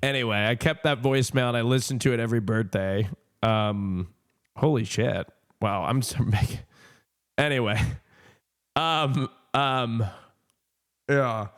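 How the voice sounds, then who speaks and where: A man's voice: mid-range voice, fairly even intonation, a little slow, pauses often, a bit bright, clear, resonant tone. A man in his thirties telling a personal story on a stream. He rambles with many fillers, laughs and swears. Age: 30s.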